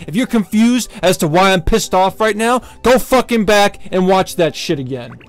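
A man's voice: high voice, lively intonation, normal speed, hardly any pauses, no room sound, soft background music. A man streaming a game, ranting in a fury and swearing heavily, repeating himself over and over. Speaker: speedrunner streamer. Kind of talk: angry rant while live-streaming a game.

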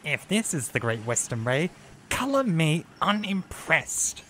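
A man's voice: a little high, sing-song, measured pace, pushed and bright, slight background noise, voice pushed up, full character voice. A man voicing a fussy, scolding engine. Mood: scornful. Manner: huffy, preachy and scolding. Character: fussy, strict male shunting engine.

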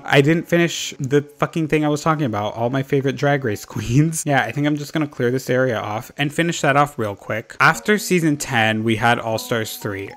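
A man's voice: medium pitch, fairly bright tone. A man casually chatting while playing and decorating in a video game, rambling, swearing freely and joking at his own expense. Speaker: gaming channel host. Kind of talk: casual gameplay chat.

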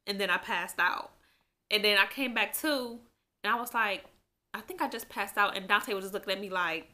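In a casual sit-down vlog, a young woman with a bright, pushed, medium-pitched voice talks through her own story. Filler words pepper her rambling account, and emotion occasionally rises, with her eyes welling up.

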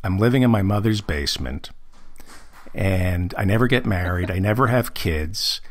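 A man's voice: deep voice, lively intonation, moderate pace. A male podcast host from New York, joking and mocking himself in a casual chat.

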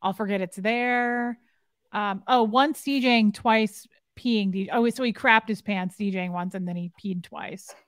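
A woman co-hosting a casual chat in a deadpan manner, reading viewer comments aloud. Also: mid-range voice, measured pace, no echo, clean studio sound. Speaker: co-host.

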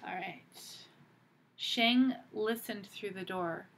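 A woman teacher reading a picture book aloud to children, pausing gently to ask them questions. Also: medium pitch, expressive, a little hiss or hum.

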